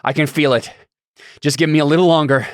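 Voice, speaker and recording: A man's voice: a little high, fairly even intonation, fast talker, no echo, studio quality, voice pushed up, close to an everyday voice. A man playing a determined male captain who strains to finish a task and pleads for more time. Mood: strained.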